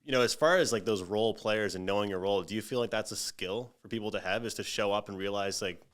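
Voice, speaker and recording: A man hosting a sports podcast, chatting casually and asking relaxed, conversational questions. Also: fairly low pitch, fast. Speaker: podcast host. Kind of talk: casual interview chat.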